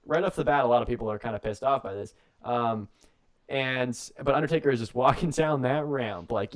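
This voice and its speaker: A young man co-hosting a wrestling podcast on the radio, telling a comedic story in a rambling, jokey way and breaking into quick put-on voices. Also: mid-range voice. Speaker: podcast co-host.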